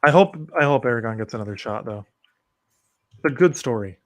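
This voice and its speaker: A man in casual podcast chat who rattles off book titles and opinions in a loose, rambling way. His voice sits at an ordinary middle pitch. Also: expressive, a little fast. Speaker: podcast host.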